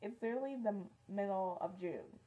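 A woman's voice: mid-range voice, fairly quick, phone-quality sound. A teenage girl chatting through a casual beauty favorites vlog, rambling with lots of ums and likes. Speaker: beauty vlogger.

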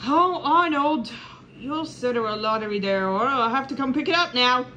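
A woman voicing a gentle young male dog with hiccups in a homemade puppet play, speaking in a slow, halting way. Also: high voice, animated, muffled recording, a little hiss or hum.

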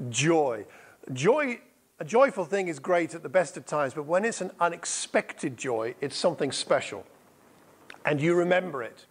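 A middle-aged man preaching in church, asking the congregation questions and telling a story with energy. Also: a little high. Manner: lively storytelling, repeats answers back. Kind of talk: sermon with audience questions. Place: church hall.

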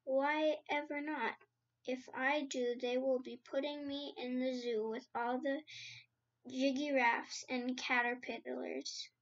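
A woman reading the part of a big, gentle male giant who talks in slow, muddled grammar and made-up words. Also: high-pitched, little pitch movement. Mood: stubborn. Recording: slightly dull lo-fi sound.

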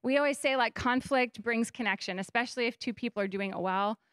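Her voice a little high, fairly quick and fairly bright, yet clear and resonant, a young woman guest pastor preaches conversationally from a church stage. She acts out her own thoughts while telling stories with animation. The audio is studio quality with no room sound.

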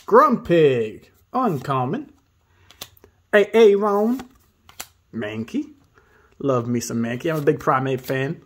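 A man hosting a casual pack-opening video, excitably reading card names aloud and hyping himself up. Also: a little high, slow pace, long pauses. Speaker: host opening card packs.

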